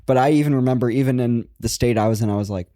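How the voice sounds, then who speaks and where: A man who is a guest on a podcast, telling a story in relaxed casual chat, self-mocking and quick to giggle. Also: medium pitch, no room sound, studio quality.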